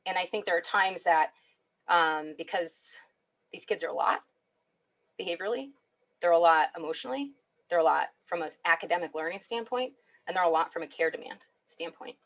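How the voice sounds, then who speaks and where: Chatty woman, low voice. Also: a little fast. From United States. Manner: chatty, says "right?" and "y'all" often. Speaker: clinical psychologist guest speaker. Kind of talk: webinar talk.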